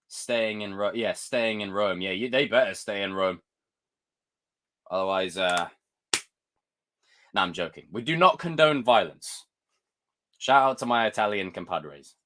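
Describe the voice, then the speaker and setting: A young man chatting on a live stream, ranting and swearing in an excitable way. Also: lowish voice. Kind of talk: casual live-stream chat.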